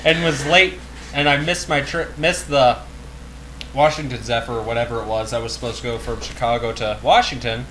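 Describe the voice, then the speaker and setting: Male co-host, mid pitch, blunt and swearing, slight noise behind. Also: steady tone, normal speed, a bit bright. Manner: blunt and profane, with a chuckle in his talk. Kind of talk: casual chat, storytelling.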